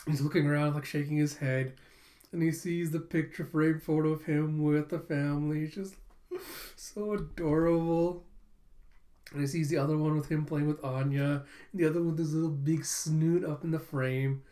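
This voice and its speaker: An animated streamer retelling comic chapters on a live stream. The delivery is lively and giggly, peppered with spoken sound effects and asides. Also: mid-range voice, normal speed.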